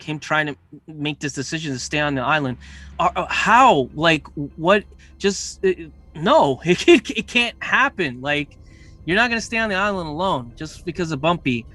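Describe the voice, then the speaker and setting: A man's voice: a little high, bright, forceful tone. A man hosting a casual podcast, easygoing and emphatic, with many filler words. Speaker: podcast host.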